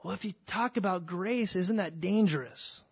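A man preaching a sermon, animated and emphatic, acting out quoted voices as he teaches from scripture. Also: sits high, moderate pace, creaky, husky, dry recording. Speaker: pastor.

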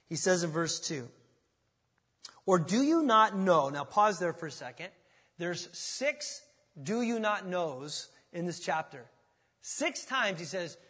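A man's voice: sits high, a bit bright, husky, big-room sound. A man preaching a sermon as a pastor, talking in a conversational way and often asking the congregation questions.

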